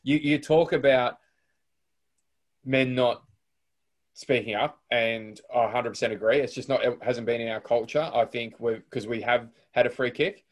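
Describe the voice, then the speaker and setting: A man's voice: mid-range voice, normal speed. A man with an Australian accent hosting a podcast, talking in a loose, rambling way full of restarts. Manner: rambling, lots of fillers and restarts. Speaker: podcast host. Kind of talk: casual interview chat.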